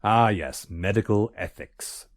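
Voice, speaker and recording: A man's voice: on the low side, measured pace, no room sound, close to an everyday voice. An actor voicing a prim, formal male butler with dry, polite delivery. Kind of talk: video game voice acting.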